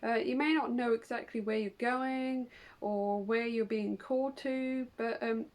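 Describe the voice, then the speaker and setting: A woman with a somewhat high voice does a relaxed tarot reading for her viewers. She talks in a chatty, upbeat way, peppering her explanations with fillers as she walks through each card. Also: measured pace, rough recording. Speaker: tarot reader. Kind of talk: casual tarot reading to camera.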